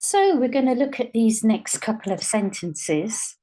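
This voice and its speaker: A woman teaching a writing lesson, speaking patiently and dictating words slowly as she writes them out. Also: fairly high pitch, sing-song, mellow. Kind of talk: dyslexia writing lesson, thinking aloud while writing.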